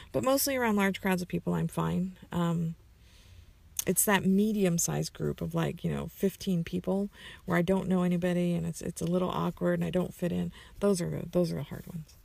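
A woman's voice: fairly low pitch, gravelly, dry recording. A woman casually answering a list of questions, rambling with lots of fillers and self-corrections. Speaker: community member answering questions.

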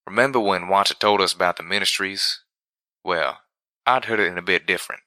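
A man voicing a young male pegasus pony who talks in a folksy, drawn-out country way in a storybook reading. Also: deep voice, pushed and bright, no room sound.

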